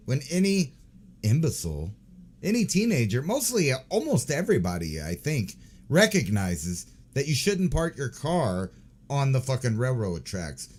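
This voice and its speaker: A man's voice: mid-range voice, huge pitch swings, moderate pace, darkish tone, breathy edge. A man in his forties hosting a show, giving crude, sarcastic, rambling commentary on news clips and swearing often. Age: 40s. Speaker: host.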